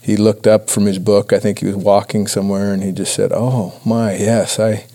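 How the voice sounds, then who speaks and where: A man giving a personal testimony talk to a church audience, earnest and halting with many restarts. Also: lowish voice, monotone, dark tone. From Idaho, USA. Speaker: church speaker.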